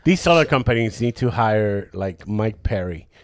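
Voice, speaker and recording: A man's voice: lowish voice, animated, moderate pace, dry recording. A man co-hosting a podcast, cracking crude jokes and riffing on the story. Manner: crude mocking jokes, bits in put-on voices. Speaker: podcast co-host. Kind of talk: casual chat, joking banter.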